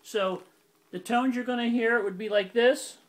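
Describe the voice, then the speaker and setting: This accordion teacher has a very high, steady voice and never rushes. His casual lesson proceeds methodically and plainly, one step at a time, with occasional pauses to correct himself, all over the loud sound of an accordion playing beneath him.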